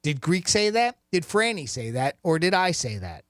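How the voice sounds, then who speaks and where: Upbeat radio host, high voice, dry close mic, quick with callers. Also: male voice, very animated, fairly bright tone, dry recording. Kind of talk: radio contest hosting. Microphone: studio microphone.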